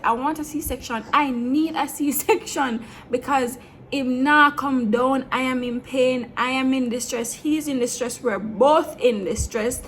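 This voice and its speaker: A young woman telling a storytime vlog, blunt and animated, slipping between patois and standard English. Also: high voice, slight background noise. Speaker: vlogger. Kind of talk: storytime monologue.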